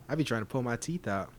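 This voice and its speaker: A young man co-hosting a casual podcast chat, telling stories in a slangy, profane, animated way. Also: mid-range voice. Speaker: podcast co-host.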